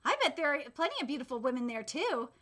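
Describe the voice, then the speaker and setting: A woman in her late twenties reading a manga chapter aloud and reacting live as a streamer, excitable, shouting and swearing when thrilled, and often stumbling and correcting herself mid-sentence. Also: high voice, fast talker. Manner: reads aloud with frequent slips and self-corrections.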